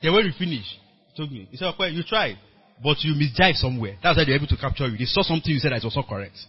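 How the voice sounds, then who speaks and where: A Nigerian man preaching a sermon as pastor to a workers meeting, telling a story with animated acted-out dialogue and calling on the congregation to respond. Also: on the high side, racing, breathy edge. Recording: dull lo-fi church recording.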